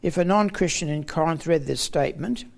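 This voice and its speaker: A man's voice: fairly high pitch, fairly quick, vocal fry. A man preaching a Bible teaching sermon in an expository manner, stressing key words with emphatic rising tones.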